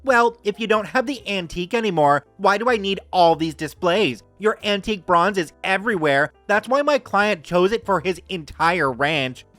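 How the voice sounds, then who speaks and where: A man's voice: a little high, expressive, normal speed, hardly any pauses, pushed and bright, dry recording, faint music behind. A man voicing a pushy, demanding woman customer who complains and insists on getting her way.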